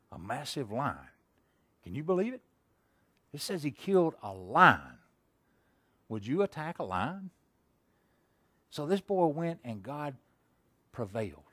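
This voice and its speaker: A man preaching a sermon, telling a story in a folksy way and asking the congregation many questions, swinging between loud and hushed delivery. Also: mid-range voice, big pitch swings, moderate pace, pauses often, no room sound. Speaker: pastor.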